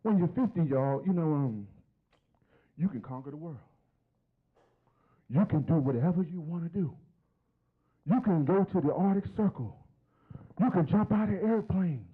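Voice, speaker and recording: A man's voice: a little high, expressive, moderate pace, pauses often, husky, narrow, tinny audio. A man in his fifties doing a stand-up comedy set on stage, chatty and teasing the crowd with questions. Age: 50s.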